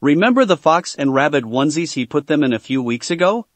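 An easygoing teenage boy read by a man in a slightly high, dry, close voice. It sounds like the narrator's own reading tone. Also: sing-song, brisk, dry recording.

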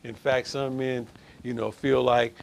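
A man's voice: medium pitch, level tone, measured pace, vocal fry, darkish tone, slight background noise. A man leading an informal group discussion on relationships as a counselor. He speaks emphatically and keeps checking in with "right?".

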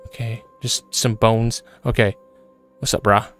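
A man's voice: lowish voice, flat delivery, a little slow, fairly bright tone, faint music behind. A man commenting as he plays a horror game, jittery and repeating himself, breaking into frightened yelps. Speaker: gaming video creator.

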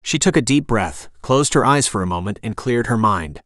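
A man reading a romantic suspense novel aloud as an audiobook narrator, in a steady, even storytelling manner. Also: fairly low pitch, moderate pace, dry recording, clean studio sound. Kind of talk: scripted narration.

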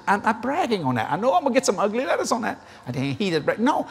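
Male preacher, middle-aged, fast-talking and lively, slightly husky, folksy storyteller at a convention pulpit. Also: high voice. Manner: folksy storytelling, acts out dialogue, laughs often. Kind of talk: sermon. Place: large convention hall, live audience.

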